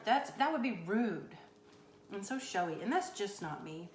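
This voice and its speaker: A chatty woman tells a rambling comic story, mock-boastful and tongue-in-cheek. Her voice sits at a middle pitch. The room gives it a noticeable echo, and faint noise runs underneath. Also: big pitch swings, measured pace. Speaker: comedic cooking show host. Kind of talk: rambling comedic storytelling on a live stream.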